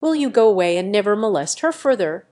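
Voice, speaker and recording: Tarzan, a synthetic woman reading a calm jungle man. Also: mid-range voice, brisk, close to an everyday voice. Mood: calm firm. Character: calm strong jungle-raised man, direct.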